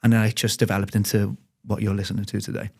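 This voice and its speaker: A man's voice: fairly low pitch, level tone, creaky, a little mellow. A man, an interview guest speaking openly and earnestly about his life. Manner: open, earnest, rapid storytelling. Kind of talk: candid personal interview.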